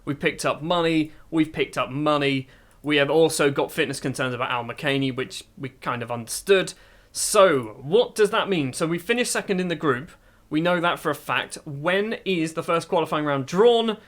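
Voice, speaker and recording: Excitable man calling game matches. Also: fairly high pitch, normal speed. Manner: excitable play-by-play, musing aloud. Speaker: gaming YouTuber. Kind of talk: football management game commentary.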